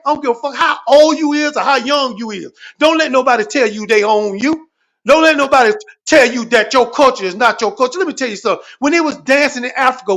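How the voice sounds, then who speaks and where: A man telling stories in a fired-up, profane rant on a livestream, swearing constantly and exaggerating for laughs. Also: very high-pitched. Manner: animated, repetitive, swearing constantly, comic exaggeration.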